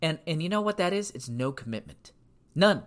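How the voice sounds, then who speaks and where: Animated man giving a Bible talk. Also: on the high side. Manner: emphatic, repeats phrases for stress; reads scripture slowly and deliberately. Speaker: Bible teacher. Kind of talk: sermon-style Bible teaching.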